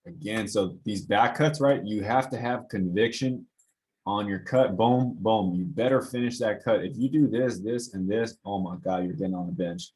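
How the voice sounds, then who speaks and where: A young man, a basketball trainer, casually talking through game footage, getting animated and exasperated as he goes. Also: fairly low pitch, moderate pace, low-quality recording. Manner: animated, gets worked up and exasperated. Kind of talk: casual film-breakdown commentary.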